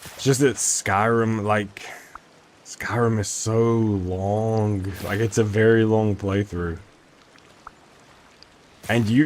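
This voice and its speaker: Low-voiced rambling young man streamer. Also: a little mellow, a little hiss or hum. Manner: rambling, self-interrupting, chatty. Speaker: gaming streamer. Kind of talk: casual gameplay chat with chat.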